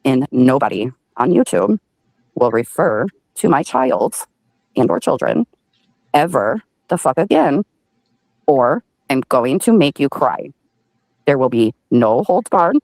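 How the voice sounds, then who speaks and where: A woman's voice: extremely low pitch, big pitch swings, slow pace, creaky, a little mellow, no echo, poor audio. Furious profane woman ranting on stream. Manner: profane, threatening, heavy emphasis. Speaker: livestream host. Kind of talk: heated livestream rant.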